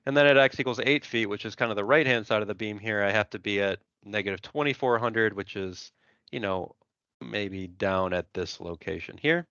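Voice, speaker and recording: In this lecture clip, a male engineering teacher talks at a moderate pace in a low, sharp, clear and resonant voice. He goes through an example methodically, sketching and reasoning out loud, with frequent "so" and "right?" The audio is dull and has no room sound.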